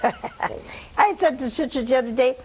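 A woman's voice: high-pitched, huge pitch swings, unhurried, slight background noise, low-quality recording. A woman in her seventies giving a reflective sermon, dropping to a whisper at times. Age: 70s. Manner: reflective, drops to a whisper for quoted words. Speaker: preacher.

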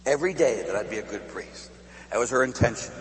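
A man's voice: medium pitch, fast. A middle-aged man from Pittsburgh, a Catholic priest telling stories in a sermon, laughing often and asking the crowd "huh?". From Pittsburgh, USA. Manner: animated storyteller who laughs and asks the crowd "huh?". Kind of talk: storytelling sermon. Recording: echoey hall with faint hum.

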